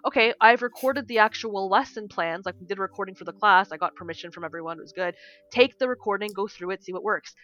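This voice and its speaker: A woman with a bright, clear voice tells a story on a casual podcast. She is animated, swears freely and acts out the dialogue herself. The recording sounds a bit dull and lo-fi. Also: mid-range voice, fast talker. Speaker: podcast co-host and game design teacher.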